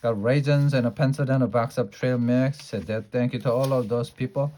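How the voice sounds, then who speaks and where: Guy reading a kids chapter book out loud, lively storyteller, average pitch. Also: fairly quick. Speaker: storybook reader. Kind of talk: children's book read-aloud.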